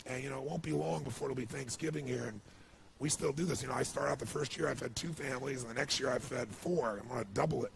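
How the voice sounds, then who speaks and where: A man's voice: mid-range voice, fast, vocal fry, background noise. A man giving an earnest, emotional storytelling speech as a motivational speaker, with lots of "you know.".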